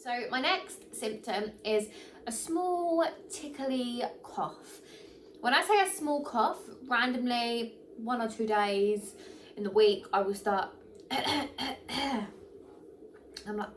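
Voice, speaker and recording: A young pregnant woman, chatting casually to camera, animated and full of fillers, a little short of breath. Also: a little high, moderate pace, far from the mic, a little hiss or hum. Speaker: vlogger.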